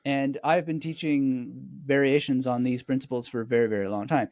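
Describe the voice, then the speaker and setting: Animated man explaining with frequent laughs. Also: mid-range voice, fairly quick, dry recording, clean studio sound. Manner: animated, digressive, laughs often. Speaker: guest memory expert. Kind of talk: conversational interview explanation.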